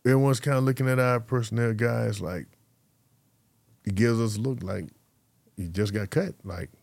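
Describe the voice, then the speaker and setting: In a creaky, medium-pitched voice at normal speed, this ex-pro football player spins stories as a guest in a casual interview. The recording is dry, and he animatedly performs the voices of the people in his tales.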